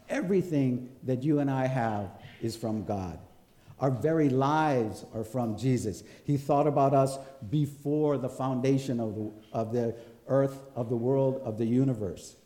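A man preaching in a relaxed, storytelling way, often turning to the congregation for a nod. His voice is warm and mellow. The sound carries a roomy echo from the church around him. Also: medium pitch. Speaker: pastor. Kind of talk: conversational sermon.

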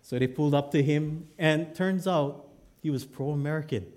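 A man preaching, telling a long joke story with lively shifts between loud and hushed. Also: a little high, normal speed.

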